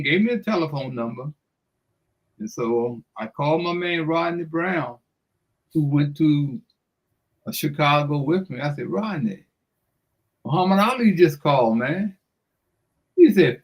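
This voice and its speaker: An older man telling a lively story on the radio. He acts out the voices as he goes, laughs often, and keeps calling the listener "man". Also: on the high side, a little slow, long pauses, low-quality recording. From Washington DC area. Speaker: guest storyteller. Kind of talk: animated anecdote on radio.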